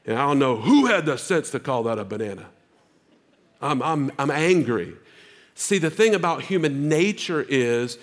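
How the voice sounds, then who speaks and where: A male pastor with a mid-range voice preaches a sermon, shifting between casual asides to the congregation and loud exhortation.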